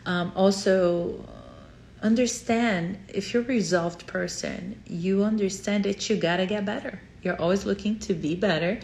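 Gravelly Brazilian-accented woman, earnest therapist. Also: medium pitch, unhurried, darkish tone, echoey room, a little hiss or hum. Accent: Brazilian Portuguese. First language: Portuguese. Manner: earnest, heartfelt, repeats phrases for emphasis. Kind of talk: teaching talk to camera.

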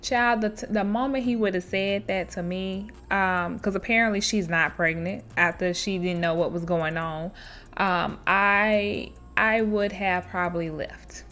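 Animated, laughing woman storyteller. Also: mid-range voice, unhurried. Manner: animated, expressive, laughs often; chatty, addresses listeners directly. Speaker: host reading and reacting to online stories. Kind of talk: casual storytelling with commentary.

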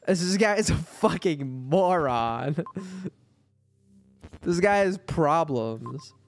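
A gamer clearing his backlog speaks slowly in a slightly high, expressive voice while faint music plays behind him. His commentary is casual and profane, a filler-laden ramble in which he mocks the characters out of exasperation.

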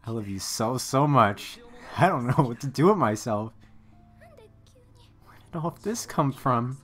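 A man's voice: medium pitch, expressive, unhurried, a bit bright, faint music behind. A devoted, stubborn young man. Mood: tender. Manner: earnest, heartfelt confession. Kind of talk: anime dub dialogue.

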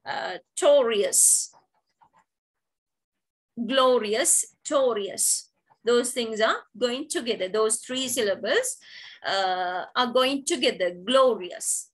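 Slow, high-voiced woman teaching poetry. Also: animated, poor audio. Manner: slow, explaining step by step with repeated terms. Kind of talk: online poetry lesson. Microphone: video call.

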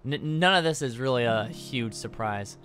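A man's voice: mid-range voice, lively intonation, normal speed, a bit bright, faint music behind. A young man hosting a let's play, rambling eagerly with many stammered restarts. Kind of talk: casual gameplay commentary.

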